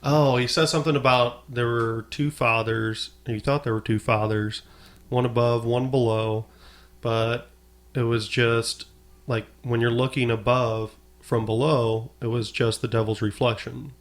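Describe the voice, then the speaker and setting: A man co-hosting a TV podcast in casual chat, joking and quick with quips. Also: mid-range voice, level tone. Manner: jokey, quick to laugh and quip. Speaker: podcast co-host.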